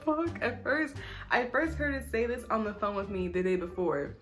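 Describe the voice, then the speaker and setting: Animated young woman telling a storytime. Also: medium pitch, soft background music. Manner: animated, profane, quick asides and laughs. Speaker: vlogger. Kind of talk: casual storytime.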